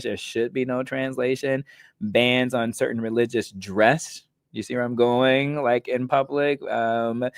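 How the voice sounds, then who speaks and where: A man's voice: mid-range voice, smooth, no echo, clean studio sound. A man hosting a talk show, explaining terms in a casual, chatty way with many fillers and self-corrections. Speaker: host.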